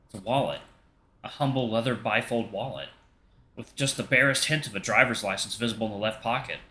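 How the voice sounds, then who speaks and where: Gaming host, male, steady expressive read, bright tone, echoey room. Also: on the low side, brisk, a little hiss or hum. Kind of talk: reading a visual novel aloud. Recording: roomy echo.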